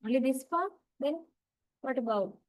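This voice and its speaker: A woman lecturer giving an online class, explaining slowly with many fillers. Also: sits high, expressive, poor audio. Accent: South Asian English.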